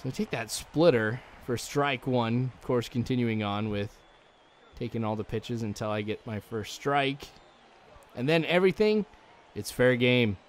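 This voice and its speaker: A man's voice: mid-range voice, lively intonation, measured pace. A young man giving rambling, chatty let's-play commentary, full of likes and ums, chuckling now and then. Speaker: gaming channel host.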